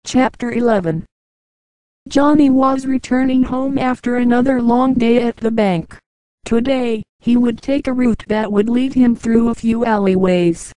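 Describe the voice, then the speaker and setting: Audiobook reader, woman, higher-pitched and mellow, steady narration, dry close sound. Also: a little slow, no room sound, poor audio. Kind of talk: novel narration.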